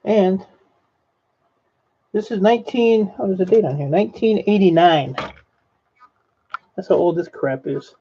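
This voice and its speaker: Offhand high-voiced man sorting scrap. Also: a little slow, long pauses, warm tone. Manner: rambling, offhand, blunt. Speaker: e-waste scrapper vlogger. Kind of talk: casual narration while sorting circuit boards. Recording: lo-fi dull audio with faint noise.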